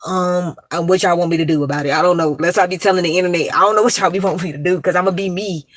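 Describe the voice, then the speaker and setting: A woman live-streaming from her car, talking fast and bluntly in slangy casual chat. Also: fairly low pitch, steady tone, dry recording. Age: adult, grown.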